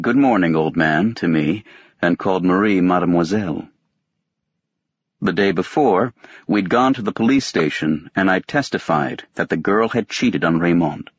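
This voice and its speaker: A man reading a novel aloud as an audiobook narrator, in a measured, detached first-person telling. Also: low voice, husky, no room sound, highs cut off. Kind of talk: scripted narration.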